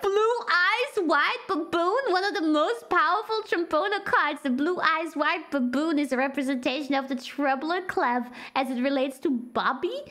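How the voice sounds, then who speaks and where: A woman's voice: high voice, fairly bright tone. A young woman streaming a game, gasping and reacting playfully as she reads in-game text aloud.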